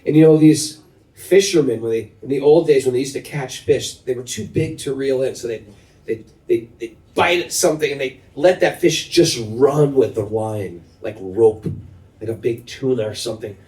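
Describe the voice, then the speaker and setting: A man's voice: medium pitch, moderate pace. A middle-aged man leading a devotional talk to a live group as its spiritual teacher, telling stories with animation and asking his listeners questions. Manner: animated storyteller who asks the audience questions. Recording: echoey room, mic at a distance.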